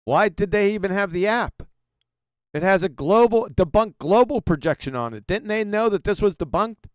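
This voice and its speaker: A man hosting a casual live panel chat, animated and mocking, laughing often. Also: high-pitched, normal speed, smooth, no room sound, clean studio sound. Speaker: stream host.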